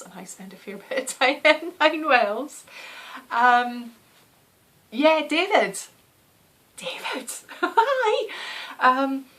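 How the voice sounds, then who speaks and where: A slightly high-voiced woman in her thirties talks chattily and at length on her knitting podcast. Her accent is a soft West of Scotland one, and she frequently laughs or drops to a whisper.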